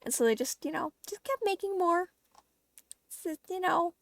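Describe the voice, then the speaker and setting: A woman's voice: extremely high pitch, lively intonation, moderate pace, creaky, no echo. A woman streaming a game, chatting casually to her viewers, giggly and talkative as she plays. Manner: chatty, giggly, talks to herself and chat while playing. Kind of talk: casual gameplay livestream chat.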